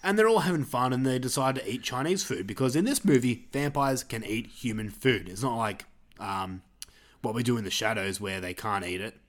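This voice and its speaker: A man on a casual podcast, retelling a movie in a rambling, profane way with quick character voices. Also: mid-range voice. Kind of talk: casual chat.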